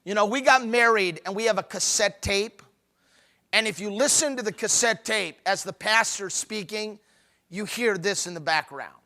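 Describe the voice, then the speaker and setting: A middle-aged man speaking at a marriage seminar, telling humorous stories with animated, playful self-mockery. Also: high voice, normal speed. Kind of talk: humorous seminar talk to couples.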